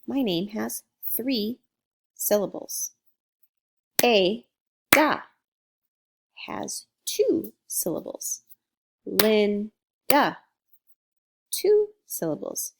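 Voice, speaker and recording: A woman teaching a phonics lesson to young children, speaking slowly and clearly as she sounds out letters and syllables. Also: medium pitch, wildly swooping pitch, noisy background.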